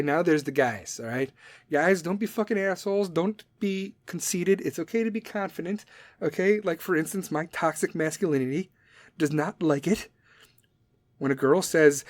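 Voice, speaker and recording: A man in his thirties hosting a podcast, talking in a blunt, profane, rambling monologue that drifts off on tangents. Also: a little high. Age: 30s. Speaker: podcast host.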